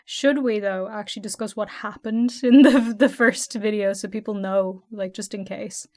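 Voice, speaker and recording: A woman's voice: medium pitch, fairly even intonation, moderate pace, a little mellow. A woman co-hosting a casual podcast, chatting bluntly and laughing often. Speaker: podcast co-host.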